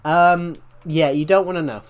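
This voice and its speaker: A man's voice: on the high side, steady tone, moderate pace, smooth, soft background music. A young British man chatting casually while live-streaming a game and reading out viewer comments, rambling with restarts and mild swearing. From Britain.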